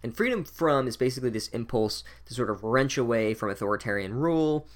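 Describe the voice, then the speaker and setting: A man's voice: medium pitch, lively intonation, brisk. A man giving a casual, profane, sardonic recap of a book as a podcast host. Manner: sardonic, swears a lot, wry.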